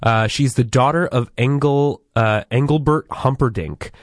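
A man's voice: medium pitch, measured pace, dry recording, studio quality. A man co-hosting a podcast, recapping episode plots in a wry, chatty way with frequent hedges. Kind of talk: casual chat.

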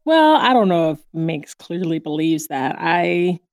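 Woman cohost, lower voice, excitable and giggly, super dry mic. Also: a little slow, no echo. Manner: animated, gushing, laughs often. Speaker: podcast co-host. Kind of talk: casual chat recapping a cartoon.

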